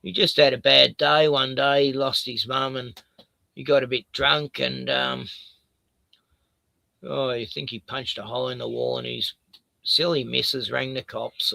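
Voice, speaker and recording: A man's voice: medium pitch, vocal fry, bright, forceful tone, no room sound. A man with an Australian accent, talking bluntly and heatedly in a casual chat, laughing at his own points. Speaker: podcast host.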